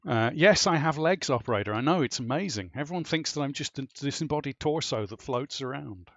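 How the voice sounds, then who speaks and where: A man's voice: mid-range voice, animated, brisk, dry recording. A man hosting a casual podcast panel chat, rambling and jokey with laughing asides, on a dry, dull, lo-fi recording. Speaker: podcast host.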